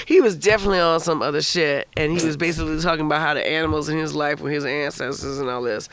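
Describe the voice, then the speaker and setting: Emotional while remembering a loss, a man shares a frank, profane personal story as a guest in casual conversation, voicing the other people in it. He talks quickly with few pauses, in a fairly high, fairly bright voice, and there's a little hiss or hum on the recording.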